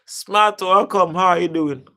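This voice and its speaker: Hosting a relaxed live stream, an African man with a fairly high, fairly bright voice trades playful banter with his audience. He reads their comments out in a teasing way, chuckling and repeating words as he begins.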